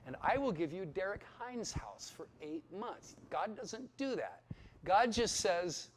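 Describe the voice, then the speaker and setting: A man in his fifties, a pastor telling his testimony to Bible school students, animated and acting out the conversations he recalls. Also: sits high, a little slow, slight background noise. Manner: animated storytelling, acts out dialogue; emotional, near tears.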